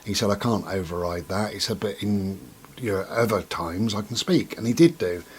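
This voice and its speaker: A man's voice: lowish voice, moderate pace, slight background noise. A man telling a personal story in a casual, rambling way, with many ums and asides. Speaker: vlogger.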